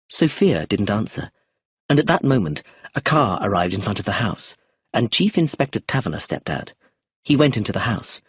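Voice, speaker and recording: Husky-voiced man narrating a story. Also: fairly low pitch, sing-song, no room sound, clean studio sound. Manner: clear, measured storytelling. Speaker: audiobook narrator. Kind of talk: scripted narration for English learners.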